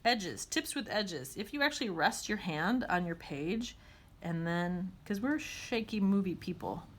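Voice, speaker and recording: A woman's voice: mid-range voice, expressive, unhurried. A woman teaching a watercolor demonstration, chatting and thinking aloud as she paints.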